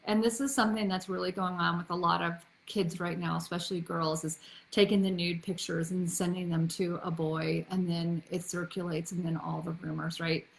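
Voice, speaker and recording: A woman's voice: on the low side, steady tone, brisk, gravelly, reverberant, slight background noise. A woman in her forties giving earnest, conversational parenting advice as a coach, with frequent restarts and fillers. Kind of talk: casual advice talk to camera.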